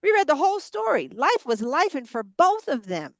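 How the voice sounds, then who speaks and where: A woman's voice: sits high, sing-song, normal speed, dry recording, muffled recording. A middle-aged woman leading a Bible study group, talking bluntly and with feeling, swearing freely. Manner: blunt, impassioned, frank swearing. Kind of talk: candid group discussion.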